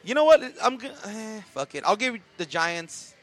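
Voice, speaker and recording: A man with a bright, sharp voice that swings widely in pitch, ranting with loose, profane energy. He keeps stumbling through fillers as he builds each complaint for laughs. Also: big pitch swings, normal speed. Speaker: podcast co-host. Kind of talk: casual comedic rant.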